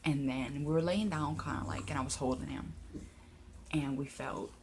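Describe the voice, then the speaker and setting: A young woman vlogger telling a personal story, emotional and halting, close to tears, with many fillers and restarts. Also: a bass voice, steady tone, darkish tone, slight background noise. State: tearful, near crying. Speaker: paranormal vlogger.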